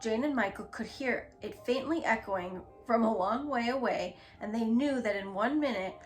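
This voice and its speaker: A woman reading a children's book aloud in a gentle, expressive storytelling manner. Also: fairly high pitch, normal speed, soft background music. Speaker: storybook reader.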